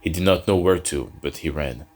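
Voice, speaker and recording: Very deep-voiced male dark fantasy narrator. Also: normal speed. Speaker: storyteller.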